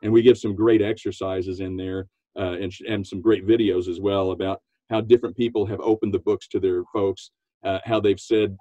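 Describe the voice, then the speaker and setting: Animated man with a mellow, lo-fi sound. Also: moderate pace, no echo. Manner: animated, laughs often, acts out quotes in a high voice. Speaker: podcast guest, business coach. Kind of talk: enthusiastic interview talk.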